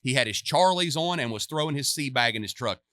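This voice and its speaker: A man's voice: mid-range voice, expressive, quick pace, fairly bright tone, no room sound. A middle-aged American man, a retired Marine, telling earnest, reflective stories as co-host of a casual chat show. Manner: earnest, reflective storytelling about leadership.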